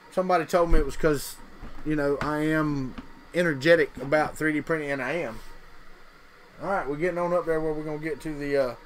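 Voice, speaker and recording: A Mississippi man with a Southern US accent and a slightly high voice hosts a casual livestream, reading viewers' comments and chatting with them folksily. The recording is low quality, with a little hiss or hum.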